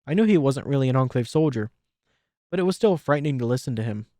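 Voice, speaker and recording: A man's voice: medium pitch, fast, no room sound. Man narrating a story, dry and close. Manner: steady first-person storytelling. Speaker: audiobook reader. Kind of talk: reading fan fiction aloud.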